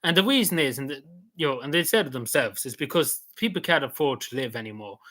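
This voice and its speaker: A man's voice: mid-range voice, animated, fast, sharp tone. A man, casually recapping an event he attended, rambling and repeating himself with many fillers. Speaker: vlogger.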